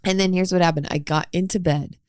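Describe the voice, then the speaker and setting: Animated woman telling stories, laughing. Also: lowish voice, fairly quick, smooth, dry recording. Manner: animated storytelling, laughs often. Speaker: podcast co-host. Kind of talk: casual chat.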